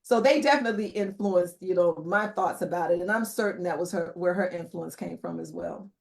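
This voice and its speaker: A middle-aged woman, a podcast guest, recalling memories in a reflective storytelling manner with many pauses and fillers. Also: fairly low pitch, darkish tone. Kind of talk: conversational interview testimony.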